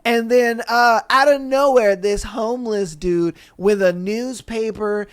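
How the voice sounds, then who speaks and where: A young man co-hosting a podcast, telling a story in casual chat, animated, swearing freely and acting out voices. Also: high-pitched, measured pace, smooth. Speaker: podcast co-host.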